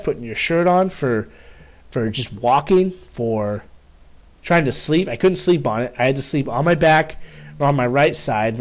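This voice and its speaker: A young man telling a story casually to camera, rambling with restarts and frequent swearing. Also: medium pitch. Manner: rambling, profane, many restarts. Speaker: vlogger.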